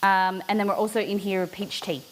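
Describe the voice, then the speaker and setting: A woman's voice: medium pitch, fairly even intonation, brisk, slight background noise. A woman streaming a live cooking session, thinking aloud and rambling with many restarts as she works in a home kitchen. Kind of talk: casual live cooking chat.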